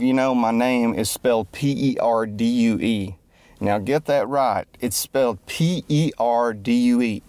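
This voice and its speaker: Rambling, joking man with a low voice. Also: a little mellow, dry recording. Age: adult, grew up before the internet. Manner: joking, self-deprecating, loses his train of thought. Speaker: musician and entertainer. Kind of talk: rambling self-introduction monologue. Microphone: close mic.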